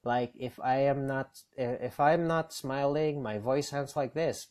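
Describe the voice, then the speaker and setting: A man's voice: mid-range voice, slow pace, hardly any pauses, a little mellow. Guy coaching call center hopefuls, loose and rambly, says like a lot, middle voice. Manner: rambling, many fillers and restarts; coaching, gives direct advice. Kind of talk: casual instructional talk.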